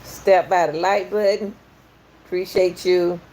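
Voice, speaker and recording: A woman's voice: lowish voice, little pitch movement, a little slow, dark tone, a little hiss or hum. A middle-aged woman from Atlanta with a Southern accent, welcoming viewers in a folksy, repetitive live-stream chat as a podcast host. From Atlanta, USA.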